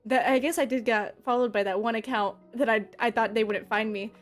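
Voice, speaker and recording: Young woman streamer, giggly and bubbly, kinda high voice, answering chat. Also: steady tone, fairly quick. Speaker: livestreamer. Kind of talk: live stream chat with viewers.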